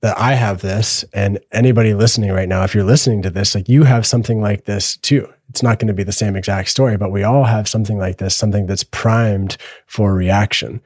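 A man's voice: fairly low pitch, darkish tone, husky, no echo, clean studio sound. A man hosting a podcast interview, reflective and affirming, often murmuring agreement. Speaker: podcast host. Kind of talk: conversational interview.

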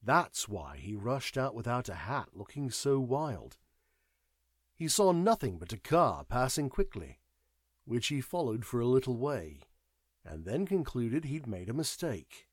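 A man voicing a detached, knowing man who speaks in a measured, wry way. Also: medium pitch, sing-song, no echo, clean studio sound. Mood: calm. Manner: measured, wry, world-weary.

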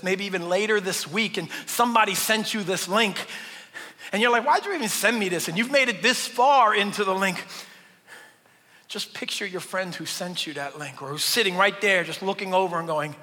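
High-voiced preacher in a reverberant hall. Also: male voice. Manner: dramatic, swinging from loud bursts to hushed whispers. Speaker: pastor. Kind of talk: sermon.

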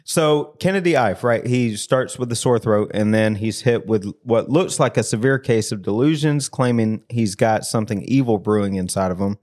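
A man's voice: lowish voice, moderate pace, few pauses, a little mellow. A man hosting a podcast and telling a story in a casual, jokey way, laughing often, recorded on a studio mic. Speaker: podcast host.

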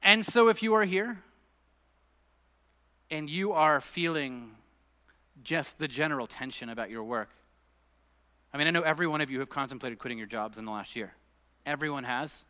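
A middle-aged male pastor delivers a sermon in a church sanctuary, shifting between easy conversational storytelling and emphatic, rising peaks. His voice is bright and forceful and sits a little high. A long reverb from the hall trails behind each phrase. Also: normal speed, pauses often, clear, resonant tone.

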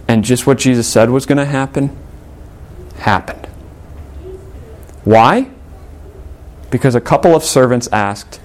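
A man delivering a sermon at a mid pitch, retelling a story with energy. He acts out the quoted lines as he goes and shifts his delivery to carry the drama. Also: a little slow, long pauses, a little mellow. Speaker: pastor.

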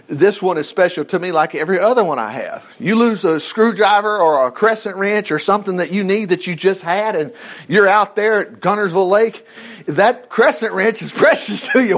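Lebhafter Bibellehrer aus dem US-Süden. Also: male voice, sits high, moderate pace. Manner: animated, reads scripture aloud with asides. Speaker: Bible teacher. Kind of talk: informal Bible teaching.

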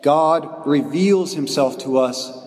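Priest preaching in a reverberant church. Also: male voice, fairly high pitch, darkish tone. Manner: earnest storytelling with slow emphatic phrases. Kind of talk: homily.

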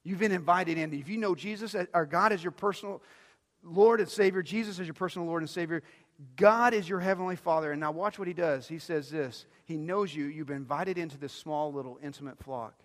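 A man's voice: fairly high pitch, brisk. Preaching man in a reverberant hall. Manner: swings between quiet intimate phrases and loud emphatic ones; repeats words when building a point. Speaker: pastor. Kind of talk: sermon. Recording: long reverb of a large hall.

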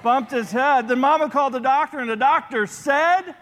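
A man preaching a sermon as a pastor, playful and animated as he talks to the congregation. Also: very high-pitched, normal speed, long reverb tail.

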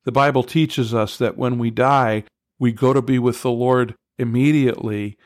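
A man's voice: mid-range voice, steady tone, normal speed, a little mellow, no room sound, clean studio sound. A man teaching a devotional Bible study, earnest and emphatic, leaning on key words and putting questions straight to the listener.

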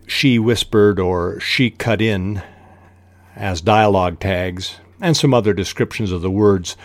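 Male writing instructor, low voice, measured delivery, dry close-mic. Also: a little mellow, dry recording. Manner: measured, reads quoted passages aloud. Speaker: podcast host teaching fiction writing. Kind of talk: instructional podcast talk.

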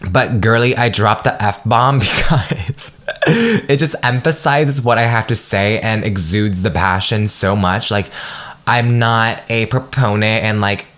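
A man's voice: lowish voice, unhurried, a bit bright. Man in his twenties, from the States, podcast host, bubbly, slangy, curses freely, rambling monologue. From United States. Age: 20s. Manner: bubbly and slangy, cusses freely, goes off on tangents. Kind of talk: casual solo podcast monologue.

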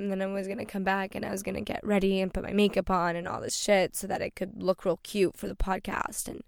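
A young woman hosts her own casual solo podcast, speaking in a medium-pitched voice with vocal fry. She talks loosely and chattily, full of "like" and "you know," and grows emotional, close to tears. The recording is dry, with clean studio sound.

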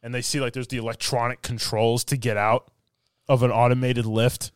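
A man of middle pitch chats through a film plot on a podcast. He rambles, laughs a lot and bursts into loud, silly voices for the characters. His voice is recorded close and dry. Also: level tone, moderate pace, clear, resonant tone, dry recording. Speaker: podcast co-host. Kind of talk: casual movie recap chat.

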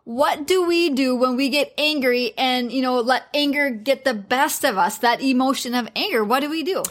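A woman's voice: high voice, normal speed. A woman co-hosting a faith-based marriage podcast with her husband, talking openly and laughing easily. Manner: warm, open, laughs easily. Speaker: podcast co-host.

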